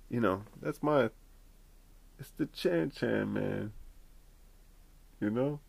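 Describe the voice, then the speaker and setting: A man's voice: mid-range voice, animated, measured pace, creaky, pauses often, a little mellow, husky. A man hosting a podcast on his own, talking in a loose, rambling way and swearing freely. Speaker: podcast host. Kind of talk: casual solo podcast chat.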